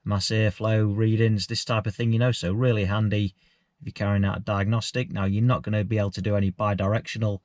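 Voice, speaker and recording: A man's voice: lowish voice, flat delivery, fast talker, darkish tone, no room sound, studio quality. A man giving a casual, candid explanation in a car vlog, chatting directly to his viewers. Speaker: car enthusiast vlogger.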